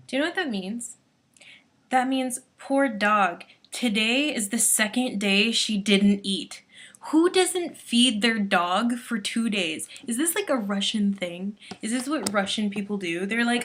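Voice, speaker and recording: A young woman of nineteen chats through a casual video diary, jumping from topic to topic with plenty of "like" and "um". Her voice is bright and clear, picked up by a simple computer webcam mic. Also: a little high, animated, a little slow. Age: late teens. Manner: rambly, frazzled, full of "like" and "um". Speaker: vlogger. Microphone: built-in computer webcam mic.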